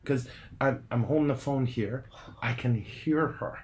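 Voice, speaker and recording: A man chatting casually about getting hearing aids, telling animated, self-mocking stories. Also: mid-range voice, a little slow. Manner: animated storyteller, self-deprecating. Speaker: hearing aid client. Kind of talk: casual conversation.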